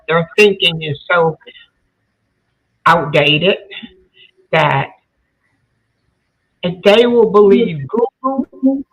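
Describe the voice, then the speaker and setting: Brief: woman host, slow and earnest, phone-like sound. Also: low voice. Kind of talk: reflective interview talk. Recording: tinny phone-like line.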